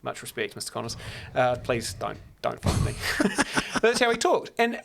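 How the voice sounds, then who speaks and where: A New man chatting as a podcast guest, animated and storytelling, often acting out what others said. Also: medium pitch, moderate pace, vocal fry, slight background noise. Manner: animated, acts out quotes, lots of restarts. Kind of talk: casual storytelling chat. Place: studio in a computer store.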